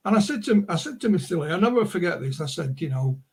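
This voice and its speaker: Husky man telling stories. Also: high voice, sing-song, fast talker, a little mellow. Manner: rambling anecdotal storyteller, full of asides. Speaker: author and publisher guest. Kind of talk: casual interview storytelling. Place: remote interview call.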